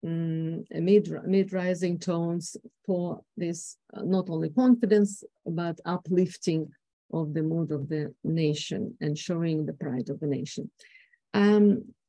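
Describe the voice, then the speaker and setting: Ukrainian-accented woman lecturing at a conference, lots of ums, slow and dark-ish voice, dry close sound. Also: lowish voice, no echo. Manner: hesitant, many fillers and restarts, quotes speeches in an emphatic voice. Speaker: conference speaker. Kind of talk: academic presentation on speech intonation.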